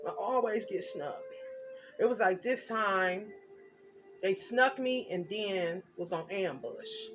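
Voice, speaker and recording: A woman's voice: medium pitch, animated, measured pace, music in the background. A woman doing a tarot reading, telling her story intensely and emphatically with blunt slang. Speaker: tarot reader.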